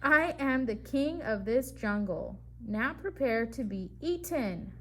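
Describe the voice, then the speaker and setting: A woman's voice: fairly high pitch, animated, slow pace, fairly bright tone, a little hiss or hum. A woman doing a proud roaring lion king. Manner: roaring, haughty. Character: proud bossy male jungle lion king.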